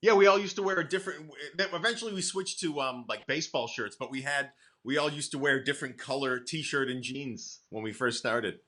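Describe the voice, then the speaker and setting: A middle-aged male comedian from the Boston area, telling animated stories in casual chat and acting out quotes. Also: medium pitch, a little fast, few pauses. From Boston area, USA. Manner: animated anecdotes, acts out quotes, laughs often. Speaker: comedian guest.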